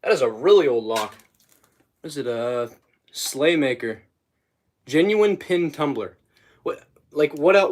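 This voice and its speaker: A man's voice: fairly high pitch, background noise. A young man chatting casually on a livestream while working, rambling and easily sidetracked as he talks to his viewers. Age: young adult.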